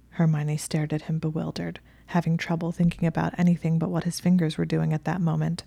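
A woman narrates a story in a soft voice that often sinks to a whisper. Her voice is low and mellow with a gravelly texture. The recording is close and dry. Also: flat delivery, a little fast, hardly any pauses, no echo.

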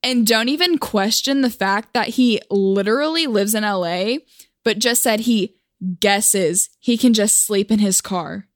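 A woman's voice: medium pitch, measured pace, no room sound, studio quality. A young woman from Oklahoma telling a personal story for a vlog in a wry, self-mocking, chatty way.

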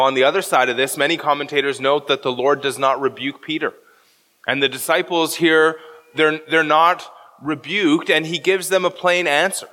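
A male pastor with a fairly high, bright voice delivers an expository sermon. He works through a text verse by verse and explains the Greek wording. His voice carries a long reverb, as in a large church hall.

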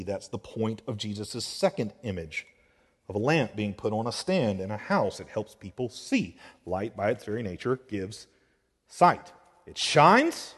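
A man preaching a sermon as pastor, moving between quiet explanation and emphatic, rising declarations. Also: medium pitch. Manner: animated preaching, swings between soft and emphatic. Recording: reverberant hall.

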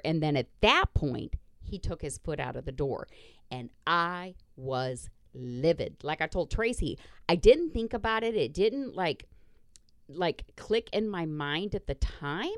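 A woman's voice: low-pitched, dry recording. A woman podcast host casually retelling a story, blunt and profane, acting out the dialogue.

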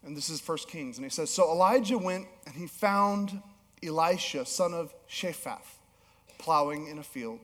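Man, pastor, sermon, animated storytelling, high voice, echoing church hall. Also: moderate pace. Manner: animated storytelling, rising to emphatic peaks then dropping low and soft. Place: church auditorium. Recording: long hall reverb.

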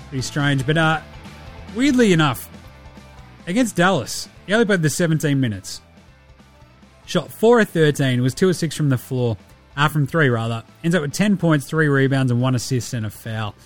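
An Australian man hosting a sports podcast in casual chat. He is laid-back and slangy, and he swears freely. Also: fairly high pitch. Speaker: podcast host.

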